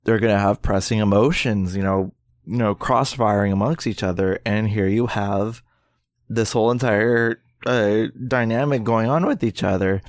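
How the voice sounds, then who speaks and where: A man's voice: on the low side, normal speed, dry recording. A man co-hosting a podcast in casual chat, laid-back and full of fillers like "you know". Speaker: podcast co-host.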